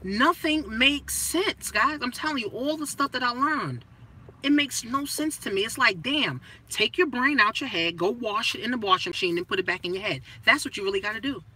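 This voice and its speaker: A woman's voice: fairly high pitch, lively intonation, moderate pace, slightly rough, poor audio. A woman money coach in a blunt, profane motivational rant, full of rhetorical questions and punchy, emphatic phrasing. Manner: punchy, emphatic phrasing that swings between loud and hushed.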